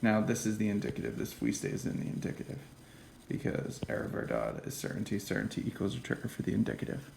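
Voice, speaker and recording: A man giving a casual classroom lecture, often checking in with "okay?" and "right?" and dropping into quiet whispered asides. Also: on the low side, very animated, fast talker, creaky, noisy background. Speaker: teacher.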